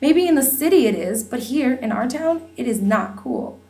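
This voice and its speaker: A woman reading a novel aloud, voicing a hurt, accusing adopted teenage girl in high, tearful protests. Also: expressive, moderate pace, dark tone, recorded from a distance. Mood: upset.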